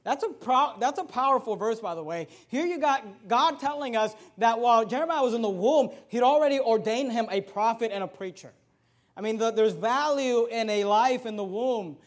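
A pastor preaching a sermon, moving from conversational storytelling into forceful, raised-voice preaching. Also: male voice, very high voice, lively intonation, normal speed.

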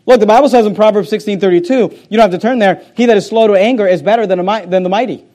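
A man's voice: high-pitched, very fast, dark tone. A pastor preaching a sermon, emphatic and repeating words as he drives his points home.

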